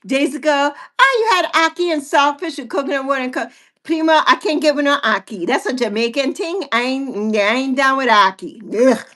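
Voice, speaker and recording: A woman's voice: sits high, animated, brisk, sharp tone. A woman in her sixties hosting a casual livestream chat with viewers, playful and teasing. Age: 60s. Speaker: livestream host.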